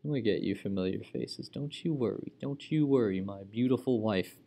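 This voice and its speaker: A man's voice: lowish voice, moderate pace, gravelly, mellow. A man giving casual let's-play commentary as he plays, chatty and full of sudden exclamations. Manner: exclaims often, chatty running reactions. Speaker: gaming channel host.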